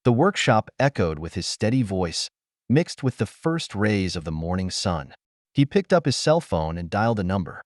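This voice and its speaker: A man narrating a dramatic story in an even, unhurried way. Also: fairly low pitch, no room sound, clean studio sound.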